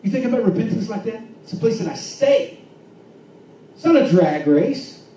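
A man preaching a sermon, swinging between fervent shouts and hushed, quiet stretches. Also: high-pitched, very animated, normal speed, slight background noise. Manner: impassioned preaching with rising shouts and hushed drops. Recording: echoey room from far off with faint ambience.

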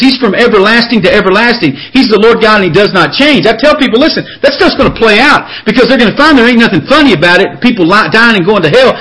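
A man's voice: sits high, fairly bright tone, rough recording. A man preaching an impassioned sermon, reading scripture and often repeating words as he builds up. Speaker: pastor.

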